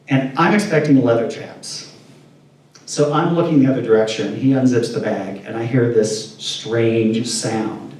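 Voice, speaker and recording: A man's voice: medium pitch, moderate pace, a little hiss or hum. A man from Indiana telling candid stories in a casual interview, acting out quotes as he goes. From Indiana, USA. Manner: candid, animated storytelling with acted-out quotes. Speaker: interview guest. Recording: distant mic in echoey room.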